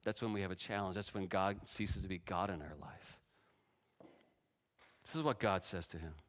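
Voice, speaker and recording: A middle-aged man preaching a sermon, animated, acting out the lines of the figures he talks about. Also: normal speed. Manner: animated, voices God and Jonah with rising pitch and force. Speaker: pastor.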